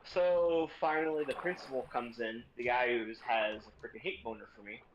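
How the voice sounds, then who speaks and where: A young man streaming, telling a story in a casual, sarcastic and profane way, speeding up in quick bursts. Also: medium pitch, steady tone, lo-fi sound, a little hiss or hum.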